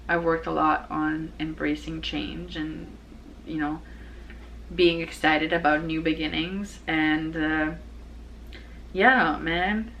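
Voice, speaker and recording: A young woman hosting her own show, chatting casually in a rambling way, full of fillers and restarts and quick to laugh. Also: sits low, a bit bright, a little hiss or hum, low-quality recording. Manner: laughs easily. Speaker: podcast host. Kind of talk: casual personal chat.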